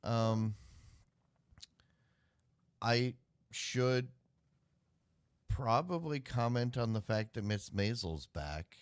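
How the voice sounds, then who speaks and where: A man's voice: mid-range voice, very slow, long pauses, clear, resonant tone, dry recording, studio quality. A man co-hosting a live web show, chatting casually and rambling with sighs and filler words. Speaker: podcast co-host. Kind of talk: casual chat.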